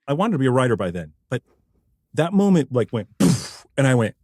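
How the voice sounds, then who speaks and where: A man hosting a podcast, talking bluntly and excitedly, swearing freely in casual chat. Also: medium pitch, a little fast, breathy edge, dry recording, studio quality. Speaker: podcast host.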